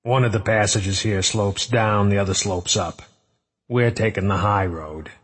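A man's voice: on the low side, unhurried, a bit bright, breathy edge, long reverb tail. A man voicing a tough, blunt male police officer who gives curt orders and swears freely. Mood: commanding.

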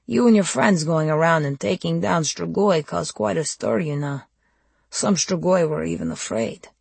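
Woman narrator as a taunting male vampire mentor, low and gravelly, dry sound. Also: animated, normal speed, darkish tone, no room sound, exaggerated voice. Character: cold, seductive male undead vampire mentor. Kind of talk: audiobook character voice.

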